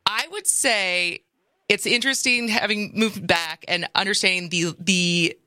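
A young woman from Wisconsin hosting a radio talk show, lively and quick, with some restarts. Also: medium pitch, dry recording, studio quality. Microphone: studio microphone.

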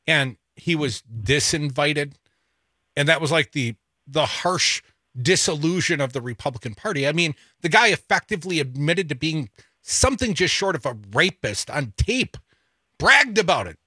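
A man's voice: fairly high pitch, lively intonation, moderate pace, sharp tone, no echo, clean studio sound. A man co-hosting a talk radio show, sarcastic and emphatic, taking calls and ranting about politics. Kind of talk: opinionated talk radio banter. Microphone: studio microphone.

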